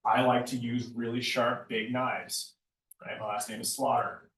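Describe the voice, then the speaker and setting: A man's voice: mid-range voice, flat delivery, a little slow, fairly bright tone. A man giving a conversational lecture on lighting design, often tagging his points with a questioning "right?". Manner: conversational, keeps asking "right?". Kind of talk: classroom lecture. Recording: echoey room, far from mic.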